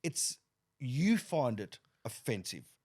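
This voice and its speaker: A man's voice: medium pitch, big pitch swings, slow, a little mellow. A man hosting a casual chat, making his points earnestly and with emphasis.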